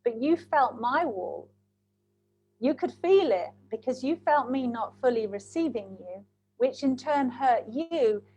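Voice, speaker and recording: A woman's voice: high voice, unhurried, a little hiss or hum, poor audio. A woman hosting a heartfelt casual chat, telling stories animatedly. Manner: animated storyteller, acts out quotes. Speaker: host.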